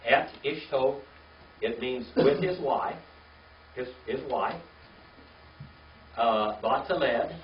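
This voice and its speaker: An older man teaching a classroom Hebrew reading lesson, patient and slow, spelling words out letter by letter. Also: mid-range voice, a little hiss or hum. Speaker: Bible language teacher. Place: classroom with a small group. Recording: echoey, distant, dull lo-fi room recording.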